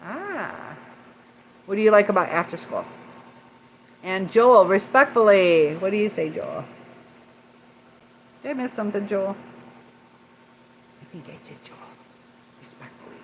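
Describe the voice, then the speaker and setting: A woman's voice: mid-range voice, lively intonation, a little hiss or hum, rough recording. A woman hosting a casual livestream, rambling with many fillers as she reads and answers viewer comments. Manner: rambling, many fillers, pauses to read chat.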